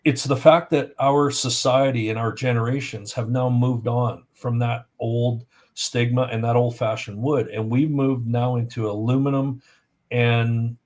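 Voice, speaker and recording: A man's voice: medium pitch, measured pace. Chatty man telling a story on a podcast. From Canada. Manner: animated storyteller, acts out voices in anecdotes.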